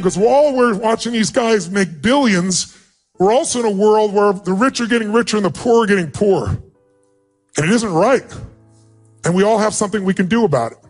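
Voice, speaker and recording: A middle-aged man giving a motivational speech, telling a personal story with emotion and rising to emphatic peaks. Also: on the high side. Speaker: motivational speaker.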